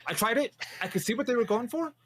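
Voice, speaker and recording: A man's voice: very high voice, expressive, quick pace, fairly bright tone. A man co-hosting a casual gaming chat, full of crude jokes and banter. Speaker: podcast co-host.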